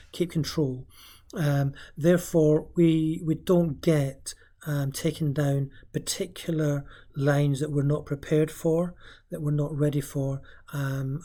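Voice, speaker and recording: A man's voice: on the high side, mellow. A man giving informal parenting advice in an earnest, coaching way, with many "um" fillers and small restarts. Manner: hesitant, frequent "um" fillers.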